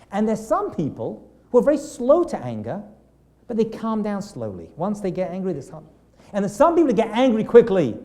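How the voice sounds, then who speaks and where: A man from England, a rabbi giving a lively classroom lecture and asking his students questions. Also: high voice. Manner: animated, acts out quoted lines, asks the room questions. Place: classroom in New York City.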